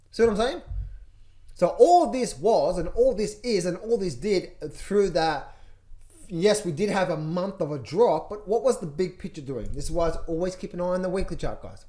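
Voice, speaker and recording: A man's voice: high voice, expressive, moderate pace, warm tone. A man coaching traders through charts, talking to viewers with energy and lots of repetition, sometimes mimicking panicked traders. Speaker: trading coach. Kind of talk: chart walkthrough, direct to viewers.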